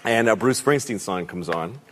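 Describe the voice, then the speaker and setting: Male talk show guest, comic storyteller, swooping expressive pitch, mimics voices, laughs a lot. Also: moderate pace. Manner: animated, acts out voices and quotes, laughs often.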